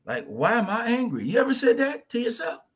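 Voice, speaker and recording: Animated, bright-voiced storytelling man. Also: extremely high pitch, fairly quick. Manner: lively, folksy sayings, acts out little voices. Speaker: podcast guest.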